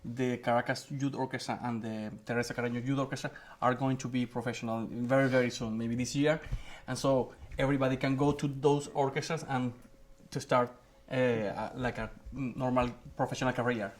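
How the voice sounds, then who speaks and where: A man from Venezuela whose first language is Spanish, speaking English with a Venezuelan Spanish accent, halting and searching for words in a casual interview. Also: mid-range voice, fairly even intonation. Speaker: guest musician.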